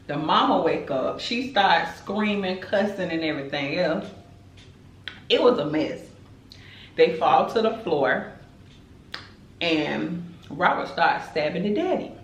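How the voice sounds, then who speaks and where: A woman's voice: on the low side, slight background noise. Lady dishing a story over food, chatty and dramatic, echoey room. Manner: animated, chatty, dramatic retelling. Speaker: mukbang host. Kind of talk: casual storytelling while eating.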